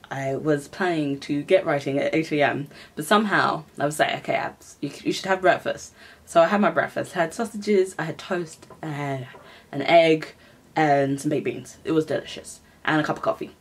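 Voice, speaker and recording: A woman's voice: sits low, breathy edge. A young woman chatting to camera at home, rambling and self-deprecating with frequent laughs. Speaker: writing vlogger. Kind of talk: casual chat to camera. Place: at home, indoors.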